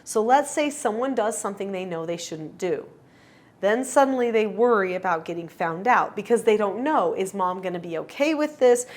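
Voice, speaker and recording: Calm, earnest woman parenting coach. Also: mid-range voice, moderate pace. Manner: calm, earnest, acts out parent and child lines. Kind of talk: instructional talk to camera.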